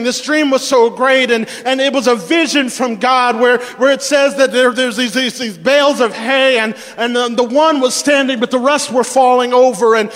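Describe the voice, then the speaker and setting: A man's voice: very high voice, a bit bright, big-room sound. A male pastor preaching a sermon, asking the congregation questions and repeating words as he builds each point.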